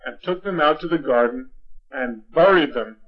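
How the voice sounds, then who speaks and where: A man telling a bedtime story to his young child, patient and gently firm, on a dull lo-fi home recording. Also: mid-range voice, normal speed.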